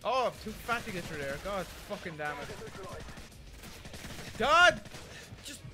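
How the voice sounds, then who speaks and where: A young man giving frustrated gameplay commentary, swearing loudly and muttering exasperated asides while playing a shooter, with game music and gunfire behind him. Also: sits high, expressive, fast talker. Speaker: gaming YouTuber.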